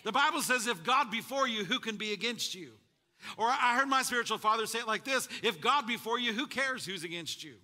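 A man preaching a sermon, calling out to his congregation and building to shouts at the high points. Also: expressive, fairly quick. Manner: call-and-response preaching to a congregation. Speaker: pastor.

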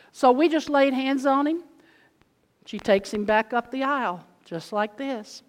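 A woman preaching and telling testimony stories, animated, moving between loud exclamations and hushed asides. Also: a little high, a little fast. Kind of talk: sermon storytelling. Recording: long hall reverb.

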